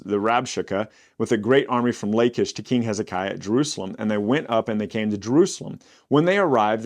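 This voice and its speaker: A man's voice: fairly low pitch, a little mellow. A man reading Bible passages aloud and stopping to explain them in a casual, conversational way. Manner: reads scripture aloud, breaks off to explain in casual slang. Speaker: Bible teacher.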